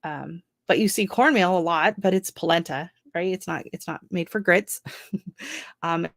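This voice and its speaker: Chatty middle-aged woman, low dry voice. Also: moderate pace, gravelly, dry recording. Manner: chatty and rambling, many asides. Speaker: gardening channel host. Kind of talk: casual live-stream chat.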